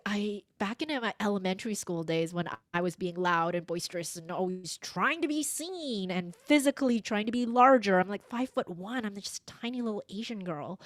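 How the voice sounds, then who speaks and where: A middle-aged woman chatting on a podcast, telling personal stories in a lively way and acting out what people said. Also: mid-range voice, dry recording, studio quality. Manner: animated storyteller who acts out quoted speech. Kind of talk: casual podcast conversation.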